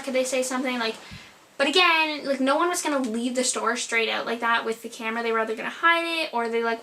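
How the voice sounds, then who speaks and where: A woman's voice: high-pitched, sharp tone, a little hiss or hum. A young adult woman vlogger telling a storytime tale in a rambling way, with "like" in nearly every phrase. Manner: rambling, filler-heavy retelling, lots of "like". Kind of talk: storytime vlog.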